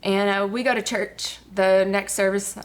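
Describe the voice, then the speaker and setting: A woman's voice: medium pitch, steady tone, normal speed. A woman, a guest giving an earnest personal testimony with many fillers. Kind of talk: personal testimony on a talk show.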